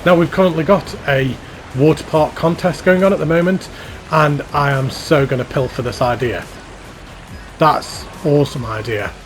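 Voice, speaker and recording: A man's voice: fairly high pitch, normal speed, faint music behind. A man giving casual, enthusiastic commentary while touring a theme park in a video game, rambling and repeating his praise. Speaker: YouTuber touring a fan-built theme park.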